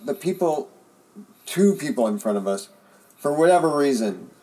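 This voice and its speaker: A man's voice: on the high side, very animated, moderate pace, mellow. Rambling middle-aged man telling a story. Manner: rambling storyteller, casual and profane. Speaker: podcast co-host. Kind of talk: casual chat.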